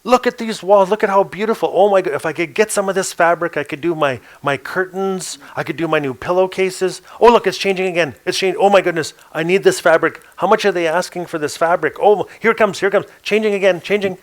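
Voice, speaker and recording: Giddy elderly woman marveling aloud, higher and brighter than his own voice, as a man puts her on; quick bursts of exclamation. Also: natural voice. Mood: excited. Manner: excited exclamations, breathless chatter. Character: elderly woman, giddy and amazed, wants fabric.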